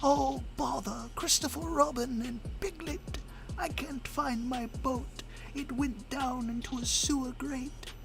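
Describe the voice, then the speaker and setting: A man impersonating a gentle, dim-witted cartoon bear in a soft, whispery, mellow voice. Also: very high-pitched, steady tone, measured pace, creaky, over music, pitched above the performer's own voice, heavily acted. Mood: fretful.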